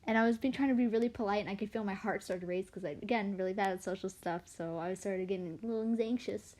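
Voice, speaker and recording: This late-teen artist streams her drawing while talking quickly in a mid-range voice. Her chat is casual and lively, full of rambling stories where she teases herself, her pitch swinging up and down.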